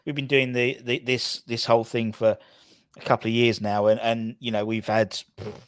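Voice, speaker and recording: A man in his early forties hosts a relaxed podcast chat, answering with short agreeing replies and an occasional musing aside. His pitch is average and the sound is close and dry. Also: normal speed, no room sound. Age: early 40s. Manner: supportive, brief interjections. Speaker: podcast host.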